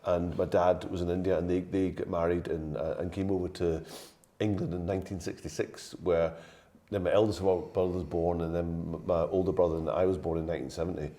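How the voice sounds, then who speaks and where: A man's voice: sits low, flat delivery, a little fast, dark tone. A man in his fifties with an anglified Glaswegian accent, a guest telling stories and laughing often. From Scotland. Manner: chatty storyteller, laughs often. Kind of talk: casual chat.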